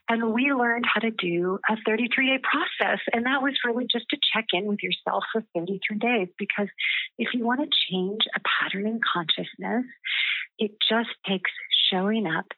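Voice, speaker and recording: A woman guest telling a personal story in a gentle, earnest way, restarting sentences as she goes. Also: mid-range voice, creaky, no room sound. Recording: tinny phone line, dry.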